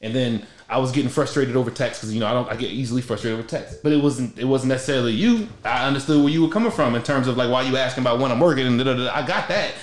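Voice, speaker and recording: A young man talks in a loose, slangy way, circling back and restarting his thoughts. His voice sits at a middle pitch. The room around him is echoey. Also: rapid-fire, hardly any pauses. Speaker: podcast host. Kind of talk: casual heartfelt conversation.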